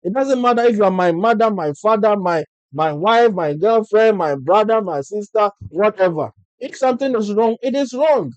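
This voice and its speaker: A man's voice: sits high, expressive, normal speed, hardly any pauses, smooth, dry recording, rough recording. A Ghanaian man with a Ghanaian English accent, speaking in an impassioned political vlog monologue full of repeated rhetorical questions. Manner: insistent, repetitive rhetorical questions. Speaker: political vlogger.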